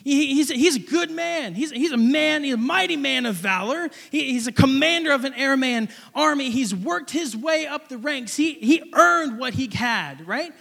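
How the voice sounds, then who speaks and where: A young man preaching a sermon, telling a personal story in an animated, rambling way with many restarts. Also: very high-pitched, normal speed, gravelly, few pauses, in a large hall.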